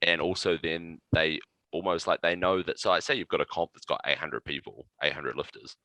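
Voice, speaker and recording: A man, a podcast guest telling a road-trip story in casual, swearing, animated chat. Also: deep voice, a little fast, no echo, low-quality recording. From New Zealand. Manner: animated anecdote-telling with profanity and laughs.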